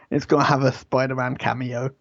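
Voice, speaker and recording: A man's voice: mid-range voice, vocal fry, fairly bright tone, no echo, highs cut off. A man co-hosting a casual podcast chat, trading jokes and mock threats in banter. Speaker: podcast co-host.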